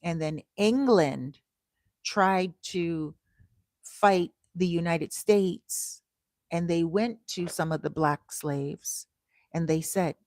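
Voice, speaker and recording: A woman from Canada in her thirties chats on a livestream in a low-pitched, unhurried voice. She draws out her stories, then lifts into bright, excited greetings to her viewers. The sound is dry and close. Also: no room sound. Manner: slow, deliberate storytelling that turns to bright, excited greetings to viewers. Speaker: livestream host. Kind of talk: casual livestream chat.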